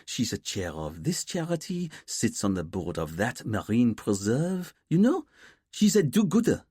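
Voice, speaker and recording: A man voicing a sharp, quick female detective sergeant who briefs her boss from her notes. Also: medium pitch, big pitch swings, slightly rough, dry recording, clean studio sound. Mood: briefing.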